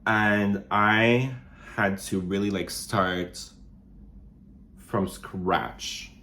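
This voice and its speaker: A man's voice: fairly even intonation, drawn-out words, pushed and bright, slight background noise. A young man with a French Canadian accent, chatting casually to camera while doing makeup, rambling with lots of fillers and restarts. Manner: rambling, many fillers and restarts, sudden jumps up in pitch. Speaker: vlogger. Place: small studio apartment.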